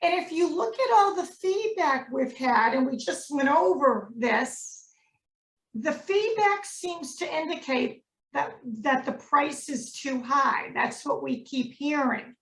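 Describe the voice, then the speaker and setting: A woman with a high voice takes the agent's part in a role-play, heard from a distance in an echoey room. She talks in an earnest, slightly hesitant way. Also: expressive, slow pace, fairly bright tone.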